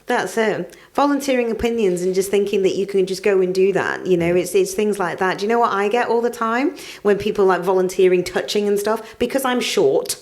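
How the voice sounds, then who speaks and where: A woman, a podcast guest chatting casually, blunt and animated, swearing freely as she tells stories. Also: medium pitch, brisk, few pauses.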